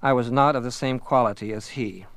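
A man reading a first-person story aloud in a measured, reflective way. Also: medium pitch, a bit bright, no room sound. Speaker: audiobook narrator. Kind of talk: scripted first-person narration.

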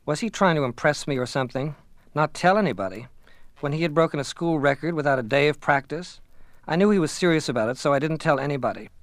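A man reading a novel aloud as a first-person narrator, in a measured, even manner. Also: medium pitch, dry recording. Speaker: audiobook narrator.

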